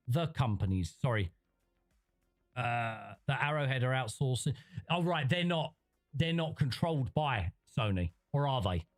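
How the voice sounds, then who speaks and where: A man rambling through livestream commentary, reading chat and restarting his sentences often. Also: mid-range voice. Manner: rambling, conversational, frequent restarts.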